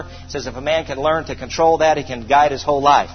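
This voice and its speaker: A man preaching a sermon to a congregation, calling for responses and praising, slowing down to read scripture. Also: mid-range voice. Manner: call-and-response, exclamations of praise. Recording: dull distant hall sound, faint noise.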